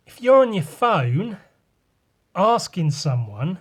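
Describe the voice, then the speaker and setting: A man's voice: a little high, very animated, slow pace, breathy edge. A young English man hosting a solo podcast, ranting sarcastically with lots of swearing while he draws. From England. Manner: talks while drawing. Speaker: podcast host, artist.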